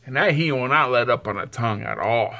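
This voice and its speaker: A man's voice: medium pitch, animated, a little fast, creaky, bright, forceful tone. A man vlogging casually while suffering from spicy heat, sighing and whooping between words. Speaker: food vlogger. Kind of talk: casual vlog.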